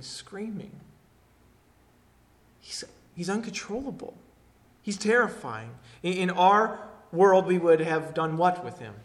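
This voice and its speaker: A man delivering a sermon with a slightly high voice. He drops to hushed, quiet phrases and then rises into loud, emphatic statements. His delivery is passionate and deliberate. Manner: preaching with swings from hushed to forceful. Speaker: pastor.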